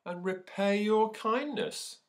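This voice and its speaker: A man doing a squeaky little mouse. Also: slow pace. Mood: earnest. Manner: squeaky, pleading. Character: small timid male mouse, polite and brave.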